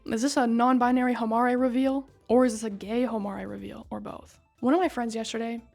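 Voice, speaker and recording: Chatty sarcastic woman, higher voice. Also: fairly even intonation, fairly quick, vocal fry, a little mellow, faint music behind. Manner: chatty, sarcastic, swears freely. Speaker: video creator recapping a game story. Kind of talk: casual story recap.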